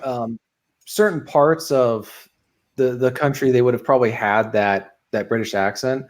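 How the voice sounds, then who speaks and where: A man's voice: medium pitch, unhurried. A man, a podcast guest, talking casually over a video call, rambling with frequent ums and uhs.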